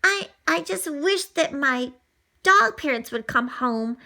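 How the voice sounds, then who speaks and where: A woman reading a storybook aloud in an animated, breathless way, narrating in the first person as a dog. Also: high voice, slow, gravelly.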